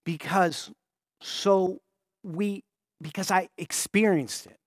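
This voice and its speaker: A man preaching in a casual, storytelling way, his pitch a touch higher than most men's. He stops and restarts his sentences and sinks into hushed, quiet stretches. The sound is dry and close, with no room echo. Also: fairly even intonation. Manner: halting, restarts sentences, often drops to a hushed low voice. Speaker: pastor. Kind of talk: conversational sermon storytelling.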